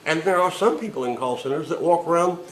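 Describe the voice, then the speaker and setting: A man's voice: a little high, fast talker, echoey room, slight background noise, poor audio. A man delivering a sarcastic, profane comedic rant with emphatic delivery.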